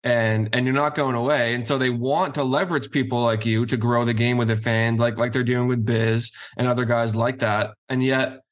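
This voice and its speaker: Steady man reeling off hockey stats. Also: medium pitch, normal speed, few pauses. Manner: steady, analytical, reels off stats. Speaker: podcast co-host. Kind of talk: casual hockey chat.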